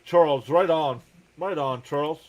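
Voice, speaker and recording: A man's voice: measured pace, dull audio. Chatty New Jersey man calling baseball live. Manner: relaxed, chatty, reads viewer comments aloud between pitches. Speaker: live sports reaction host. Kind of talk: live baseball play-by-play and chat.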